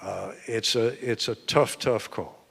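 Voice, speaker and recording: A man, an author being interviewed at a live book event, explaining points in a measured, emphatic way. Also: lowish voice, vocal fry, a bit bright, breathy edge. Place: event hall with live audience. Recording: long hall reverb.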